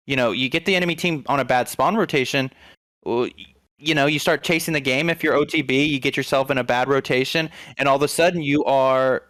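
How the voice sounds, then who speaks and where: A man giving play-by-play commentary on a competitive shooter match, quick and analytical, thinking aloud as he breaks down the game. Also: medium pitch, fairly bright tone, no echo. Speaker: esports caster.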